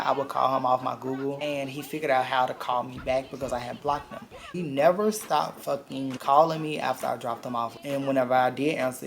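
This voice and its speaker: A man tells a personal story straight to camera. His voice is gravelly with fry, at a middle pitch, and his delivery is blunt, profane and dramatic. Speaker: vlogger. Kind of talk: casual storytime vlog.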